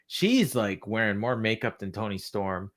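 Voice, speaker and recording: A man's voice: lowish voice, sing-song, normal speed. A man co-hosting a livestream podcast, chatting casually, laughing often and answering viewer comments. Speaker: podcast co-host. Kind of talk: casual livestream recap chat.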